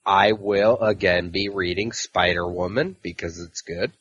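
A man's voice: deep voice, unhurried, a bit bright, slightly rough, no echo, muffled recording. A man co-hosting a comics podcast in casual chat, reading out titles and adding dry asides. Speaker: podcast co-host.

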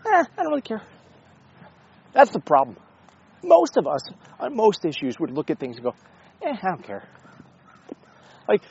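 A man's voice: high-pitched, darkish tone, husky, muffled recording. A man talking casually in a rambling, sarcastic way, with frequent swearing and self-interruptions. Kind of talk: casual opinion monologue.

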